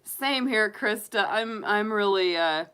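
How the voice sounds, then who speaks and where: A woman hosting a casual livestream, talking softly and fondly with lots of fillers, sniffly and congested from allergies. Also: mid-range voice, slow, clear, resonant tone. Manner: soft, doting, chatty with frequent fillers. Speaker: tarot reader and livestream host.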